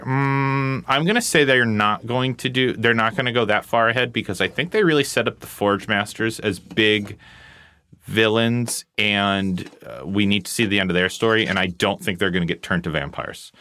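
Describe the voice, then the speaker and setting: A man's voice: lowish voice, normal speed, sharp tone, slight background noise. A man co-hosting a podcast, chatting casually and joking irreverently. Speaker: podcast co-host. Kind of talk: casual chat.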